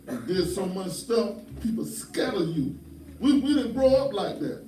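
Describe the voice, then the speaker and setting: An older pastor with a high, very animated voice preaches at a moderate pace in a church, with background noise present. His folksy sermon mixes humorous stories with stern warnings, captured as roomy, distant church sound.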